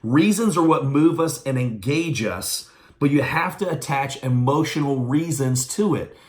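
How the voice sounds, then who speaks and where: A man giving a motivational business training, telling stories fast and with energy. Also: mid-range voice. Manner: fast, animated storytelling. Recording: echoey room.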